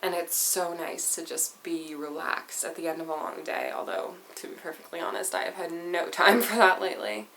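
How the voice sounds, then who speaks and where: A woman's voice: fairly low pitch, lively intonation, normal speed, gravelly, hardly any pauses, a bit bright, slight background noise, rough recording. A teenage girl vlogging in a casual, rambling way, saying "like" all the time. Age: teens. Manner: chatty, rambling, says "like" constantly. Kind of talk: casual chat to camera.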